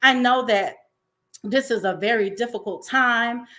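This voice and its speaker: A woman host speaks in a bright, slightly high voice. She talks in an emotional, effusive, faith-filled way, encouraging and uplifting her audience. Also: a little slow. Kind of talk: inspirational talk-show monologue.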